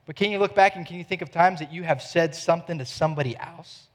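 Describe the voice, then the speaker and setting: A man's voice: on the high side, fast talker. A man in his thirties, a pastor preaching a sermon, who keeps pressing his listeners with direct questions.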